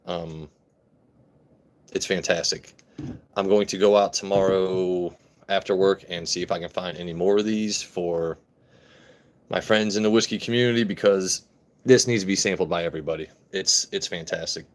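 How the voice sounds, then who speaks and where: A man with a somewhat low voice hosts a relaxed live stream, tasting whiskey at his desk mic. He chats and jokes with his viewers in an easy, playful way. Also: moderate pace. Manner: jokey, chatty, reads and greets chat. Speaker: livestream host reviewing whiskey. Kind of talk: casual live stream chat.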